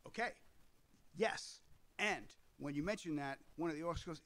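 A man's voice: on the high side, moderate pace, fairly bright tone, low-quality recording. A man hosting an explainer video on tabletop games, talking through ideas in a discursive way with asides. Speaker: host.

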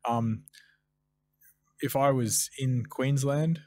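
A man's voice: mid-range voice, drawn-out words, warm tone, no room sound. An Australian man explaining things easily as a podcast guest, with plenty of fillers. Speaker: guest producer. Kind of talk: casual podcast chat.

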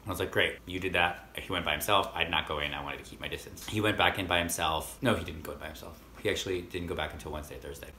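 A man chatting through a storytime vlog, retelling his shopping trip with quick, lively quoted dialogue. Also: deep voice, reverberant, slight background noise. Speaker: vlogger.

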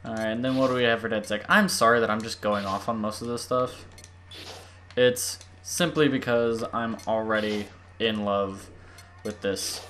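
A young man rambling excitedly while playing a video game, gushing over everything he sees. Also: fairly low pitch. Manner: gushing, rambling, quick bursts of enthusiasm. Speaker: gaming YouTuber. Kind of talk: excited gameplay commentary.

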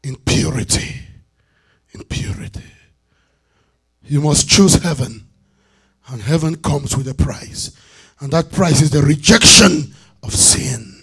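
A man preaching a sermon as bishop, calling out to the congregation for answers and swinging between loud declarations and hushed asides. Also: fairly high pitch, measured pace, creaky, slightly rough. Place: church sanctuary.

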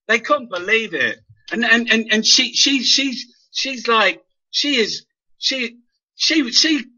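Man, high and sharply bright, furious sweary stammering rant, dull lo-fi sound. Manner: heavy swearing, repeated stammered words. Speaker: guest. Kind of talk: impassioned political rant. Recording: dull lo-fi internet radio audio.

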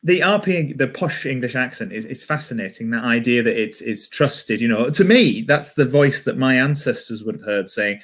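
A man's voice: medium pitch, moderate pace, hardly any pauses, fairly bright tone. A man with a Yorkshire accent doing a wry stand-up comedy set from home, often restarting his phrases.

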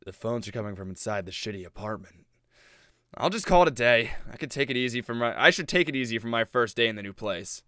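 A man's voice: medium pitch, expressive, fast, fairly bright tone, no room sound, studio quality. A young man giving jokey, casual commentary while playing a horror game and reading its text aloud. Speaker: let's play host.

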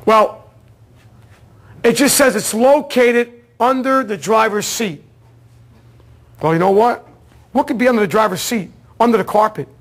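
A man teaching an automotive diagnostics seminar, telling a case story in a casual, excitable way and acting out the dialogue. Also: high-pitched, measured pace, long pauses. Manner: casual slangy talk, repeats words. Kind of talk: seminar lecture.

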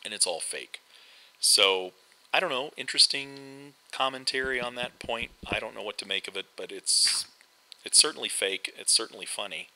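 A man's voice: mid-range voice, normal speed, sharp tone, poor audio. A middle-aged man chatting casually over gameplay, rambling with lots of fillers and restarts. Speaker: host. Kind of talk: casual game commentary.

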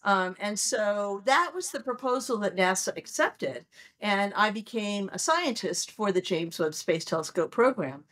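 A woman in her sixties, a planetary astronomer telling stories in a conversational interview, animated and acting out her excited reactions. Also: mid-range voice, measured pace. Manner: animated storyteller who acts out her own excited reactions.

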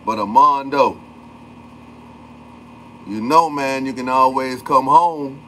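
A man's voice: mid-range voice, takes it slowly, sharp tone, slight background noise. A man hosting a livestream in casual chat, talking in loose slang and calling out viewers by name. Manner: loose slangy talk, greets and calls out chatters by name. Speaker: livestream host.

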